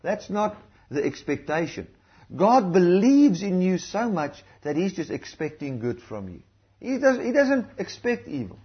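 Husky guy preaching, kinda high voice, earnest and repetitive, dull lo-fi sound. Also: big pitch swings, measured pace. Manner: earnest, repetitive, with interjected hallelujahs. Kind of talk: sermon.

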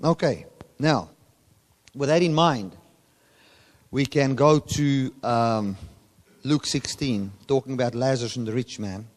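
A man preaching a sermon, often swinging his voice from loud, high emphasis to low, quiet asides. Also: takes it slowly, long pauses. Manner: animated preaching, voice rising and dropping sharply for emphasis. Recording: long hall reverb.

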